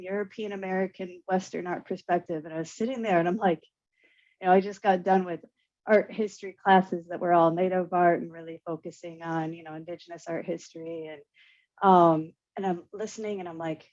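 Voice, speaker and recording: A woman's voice: lowish voice, moderate pace. A woman, an artist and curator, telling a personal story earnestly and with feeling on a panel. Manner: earnest, emotional, animated storytelling with laughs. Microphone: video call. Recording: dull lo-fi video call audio.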